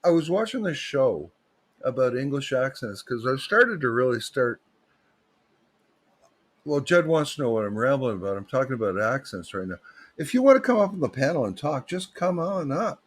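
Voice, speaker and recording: A man's voice: medium pitch, big pitch swings, normal speed, breathy edge. A man, hosting a livestream with rambling, joking, digressive chat. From Canada. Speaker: livestream host.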